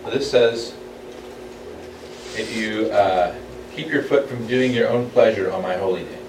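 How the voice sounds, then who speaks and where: A man leading a small group Bible study, reading scripture aloud and pausing with halting, restarting comments. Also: fairly low pitch. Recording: echoey room, distant mic, background noise.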